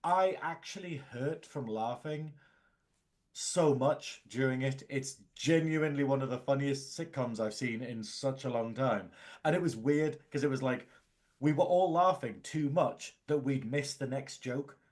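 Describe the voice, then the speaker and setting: A man's voice: mid-range voice, unhurried, a little mellow. A man co-hosting a podcast, chatting loosely, laughing often and going off on tangents. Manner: laughs often, rambling, self-deprecating. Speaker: podcast co-host. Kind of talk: casual chat.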